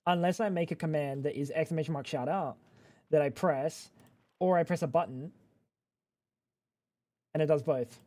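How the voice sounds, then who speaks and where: A young man trades crude jokes and teasing on a casual livestream, rambling and letting thoughts trail off. He talks at a moderate pace with many pauses, his voice fairly high yet soft and mellow instead of bright.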